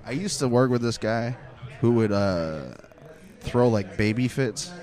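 A man's voice: medium pitch, expressive, a little slow, darkish tone. A man on a comedy podcast panel in a pub, telling rambling, profane stories and laughing often in casual chat.

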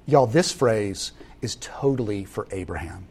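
Animated male preacher, thirties, wide-ranging and slightly high delivery, storytelling sermon. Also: measured pace. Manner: animated, acts out family scenes with voices. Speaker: pastor.

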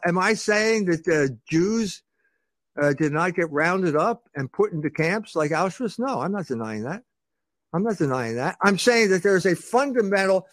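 A man's voice: on the high side, fairly bright tone, no echo. A man being interviewed, arguing his case with rhetorical questions and frequent restarts. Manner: rhetorical questions, repeats words when starting sentences. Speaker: guest. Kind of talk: argumentative interview talk.

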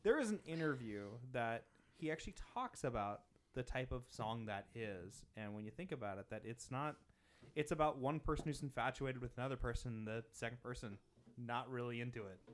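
A man's voice: medium pitch, expressive, fairly quick. A man hosting a casual podcast chat, rambling and joking with friends. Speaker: podcast host.

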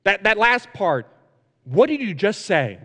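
A preacher voicing a desperate sinner monk. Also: male voice, high voice, very animated, a little slow, bright, forceful tone, husky, big-room sound, voice pushed up, exaggerated voice. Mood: urgent. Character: weeping sinful male German monk, desperate.

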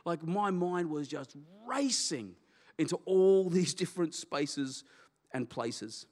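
Aussie pastor guy sharing his story from the pulpit, slightly high voice, big hall reverb trailing off. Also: takes it slowly. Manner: candid storytelling, animated, self-deprecating. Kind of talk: personal testimony sermon.

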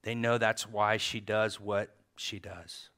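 A man in his forties giving a heartfelt tribute at church, telling stories that swing between loud animated bursts and soft asides. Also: fairly low pitch, slow pace. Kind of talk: heartfelt tribute speech to a congregation.

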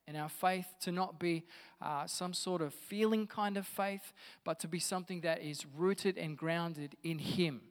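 High-voiced pastor preaching casually. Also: male voice, big-room sound. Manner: conversational, enthusiastic storytelling. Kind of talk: sermon.

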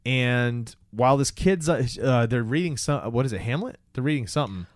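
A man's voice: mid-range voice, moderate pace, no echo, clean studio sound. A man co-hosting a podcast, casually retelling a film scene by scene, often asking "right?". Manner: animated retelling, acts out quotes, says "right?" and "dude". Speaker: podcast co-host.

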